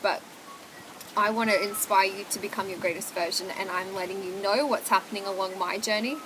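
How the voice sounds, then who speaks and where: A woman's voice: medium pitch, fairly even intonation, a little fast, background noise. A young woman, talking candidly to camera at home in a chatty, confessional way, full of "like" and "oh my God". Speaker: vlogger. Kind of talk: candid casual chat to camera.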